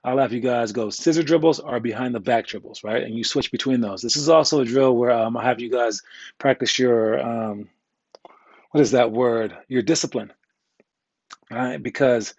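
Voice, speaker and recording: A man's voice: mid-range voice, moderate pace, a little mellow, breathy edge, dry recording, highs cut off. A man coaching youth basketball players in a casual, candid way, joking and rambling, with slang thrown in. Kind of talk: casual instructional talk.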